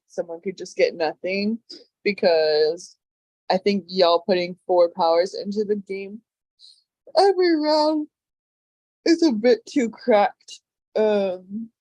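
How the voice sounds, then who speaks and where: A woman's voice: medium pitch, a little mellow, no room sound. A young woman, a game contestant, talking in a hesitant confessional with many fillers. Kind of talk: casual confessional interview.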